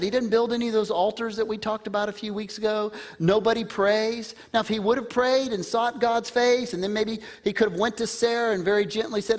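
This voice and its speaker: A man's voice: sits high, fairly quick, hardly any pauses. A man preaching a sermon in a conversational way, putting questions to the listeners. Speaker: pastor.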